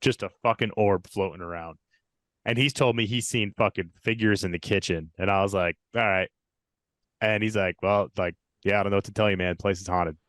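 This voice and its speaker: A man's voice: low-pitched, a little fast, no room sound, clean studio sound. Profane young man telling a ghost story. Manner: profane, animated retelling with quoted dialogue. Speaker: podcast storyteller. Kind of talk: casual storytelling.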